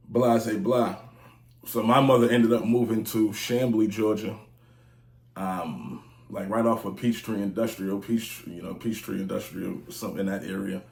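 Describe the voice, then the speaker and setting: Laid-back man telling stories, roomy echo. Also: on the low side. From United States. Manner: loose, slangy, with frequent "you know what I'm saying" fillers. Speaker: vlogger, music reviewer. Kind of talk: casual storytelling monologue.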